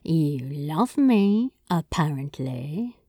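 A sly, flirtatious male demon, as a woman reader puts him on, flinging out high, strained outbursts and then sliding into low teasing. The lively line swoops wide in a dry, close recording of a read-aloud story. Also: drawn-out words, dry recording, full character voice.

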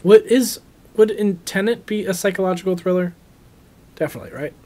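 A man's voice: high-pitched, brisk, warm tone. A young man co-hosting a casual movie podcast, rambling and trailing off as he talks. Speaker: podcast co-host.

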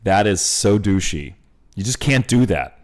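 A man's voice: on the low side, expressive, measured pace, darkish tone. A man co-hosting a podcast, chatting casually, blunt and profane, spinning jokey hypothetical stories. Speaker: podcast co-host. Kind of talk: casual chat.

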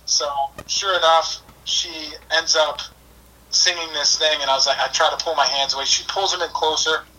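A man's voice: on the high side, fairly even intonation, normal speed, sharp tone, distant mic, poor audio. A man telling a funny personal story in a casual, chatty way, full of "like" and "I was like".

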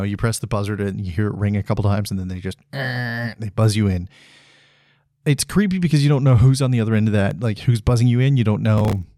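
Talking solo for his podcast, a man in his thirties uses a low, soft-edged, mellow voice. He comes across as blunt and frustrated, cursing often and stopping to restart sentences, and the audio is dry and close with no room sound.

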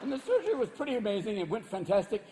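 Manic stand-up comedian, live crowd. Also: male voice, high voice, very animated, racing, in a large hall, noisy background. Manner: manic, swearing, leaps into voices.

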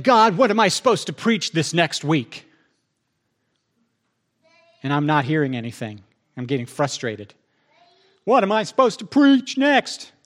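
A man's voice: a little high, fairly bright tone. A male pastor preaching a sermon, acting out both sides of his conversations with God.

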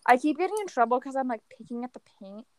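A woman's voice: high-pitched, expressive, fast, no echo. A teenage girl co-hosting a casual chat podcast, rambling and saying "like" constantly. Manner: rambling, heavy use of "like". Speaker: podcast co-host.

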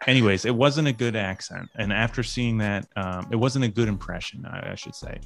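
A man's voice: lowish voice, a little fast, gravelly, faint music behind. A man co-hosting a casual podcast chat, rambling with many fillers and restarts. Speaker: podcast co-host.

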